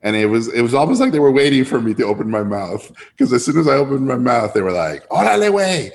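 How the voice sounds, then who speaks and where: A man, a filmmaker guest telling an animated anecdote and jumping high in pitch when he quotes others. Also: quick pace. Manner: lively storyteller, jumps high when quoting others.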